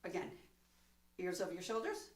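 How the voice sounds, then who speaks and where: A woman gives a one-on-one singing lesson, encouraging her student and demonstrating breath exercises. Her voice moves through a lively range of pitch. The room is echoey and she sounds set back from the microphone. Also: normal speed, recorded from a distance. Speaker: voice teacher.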